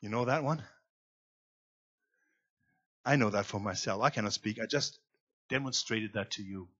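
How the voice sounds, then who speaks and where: A man preaching a sermon as guest pastor in a church, swinging between loud emphatic lines and quiet low asides. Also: normal speed, breathy edge, dull audio. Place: church sanctuary.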